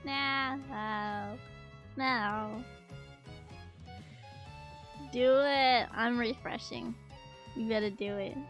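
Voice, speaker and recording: A woman's voice: a little high, steady tone, extremely slow, long pauses, fairly bright tone, faint music behind. A woman streamer chatting casually to her viewers, playful and teasing, often giggling. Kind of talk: casual live-stream chat.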